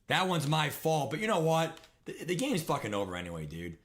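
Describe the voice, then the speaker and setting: A man's voice: on the high side, huge pitch swings, a little fast, fairly bright tone. A young man streaming a football video game, ranting and swearing in frustration as he plays. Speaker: gaming streamer. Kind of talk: live game commentary rant.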